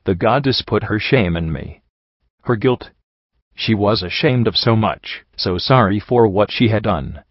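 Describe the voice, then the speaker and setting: Low-voiced man narrating a story. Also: unhurried, no room sound. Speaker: audiobook reader. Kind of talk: first-person story narration. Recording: dull lo-fi dry recording.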